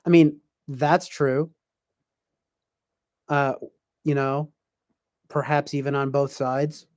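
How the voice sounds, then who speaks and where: A man's voice: mid-range voice, level tone, slow, a little mellow, no echo, clean studio sound. A man hosting a podcast, talking in a casual, rambling way with lots of fillers and restarts. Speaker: podcast host.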